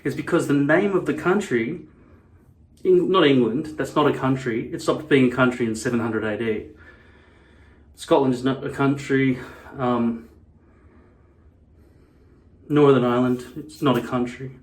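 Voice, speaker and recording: A man's voice: medium pitch, a little slow, pauses often. Man, casual vlog, blunt, profane, rambling asides, echoey room. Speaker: vlogger.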